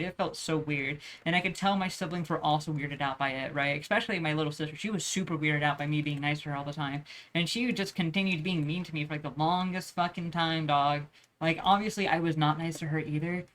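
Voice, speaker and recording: A woman's voice: low voice, a bit bright. A young woman telling a rambling personal story in a casual vlog, swearing often and using plenty of slang and filler words. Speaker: vlogger.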